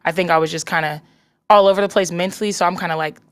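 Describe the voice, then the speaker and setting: Chatty young woman, lowish voice. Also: fairly even intonation, rapid-fire. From North Carolina. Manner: chatty, many "like" fillers, upbeat. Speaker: singer guest. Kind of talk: casual interview chat.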